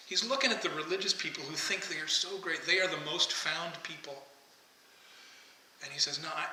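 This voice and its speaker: A man's voice: a little high, bright, forceful tone, slight background noise. A man preaching a conversational sermon, often asking the congregation questions. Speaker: pastor. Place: church sanctuary. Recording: echoey church hall, faint ambience.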